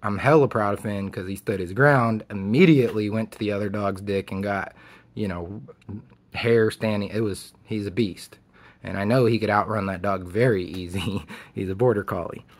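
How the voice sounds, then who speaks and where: A man's voice: on the low side, moderate pace. A man vlogging, telling a story in a casual, blunt way and swearing freely.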